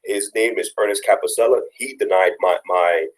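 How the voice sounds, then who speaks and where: A young man with a deep, low voice speaks in a casual interview. He is earnest and tells long personal stories, often restarting a phrase as he goes. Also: moderate pace, rough recording. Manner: earnest, storytelling, many restarts. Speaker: guest, father.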